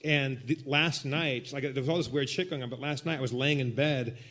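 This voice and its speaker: A man telling a comedic story at a live show, animated and prone to shouted re-enactments. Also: mid-range voice, fairly quick. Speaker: guest storyteller.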